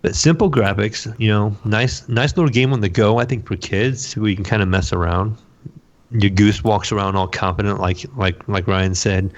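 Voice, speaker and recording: A man's voice: lowish voice, normal speed, dull audio. A man co-hosting a podcast in casual chat, rambling and repeating his words with lots of fillers. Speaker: podcast co-host. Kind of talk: casual chat about video games.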